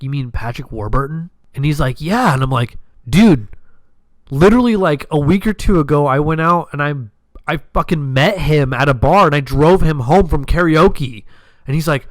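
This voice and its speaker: A man's voice: a little high, expressive, moderate pace, no echo. A young man hosting a podcast, telling a casual story in a rambling way, swearing freely and acting out what his friends said. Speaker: podcast host.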